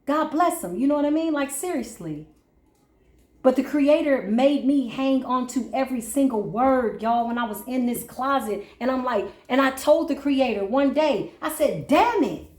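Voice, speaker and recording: A woman doing a spiritual card reading who talks like a preacher one moment and drops into quiet asides the next, calling her listeners baby and boo. Her voice sits a little high. The room around her is audibly echoey. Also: moderate pace. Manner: emphatic, colloquial, calls listeners baby and boo; swings between preachy intensity and quiet asides. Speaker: spiritual reader. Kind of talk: casual spiritual pep talk during a card reading.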